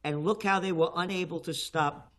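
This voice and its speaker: An older man giving heated, emphatic political commentary in a talk show, his voice often rising loud. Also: sits high, fairly even intonation, moderate pace. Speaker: guest commentator.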